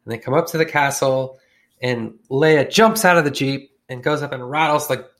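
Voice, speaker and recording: A man's voice: medium pitch, moderate pace, fairly bright tone. A man telling a story in a casual comic way, slangy and profane, acting out the people in it. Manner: profane, slangy, acts out characters with shifting voices.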